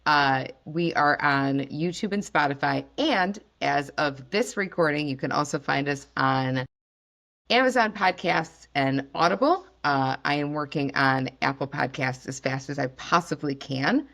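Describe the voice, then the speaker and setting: Woman, podcast host, low voice, casual animated chat, filler words. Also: unhurried, vocal fry.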